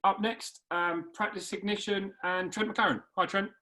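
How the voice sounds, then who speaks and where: A man hosts a live webinar, friendly and relaxed. He pauses often on "uh" and "um". His voice is a touch higher than most men's. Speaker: webinar host.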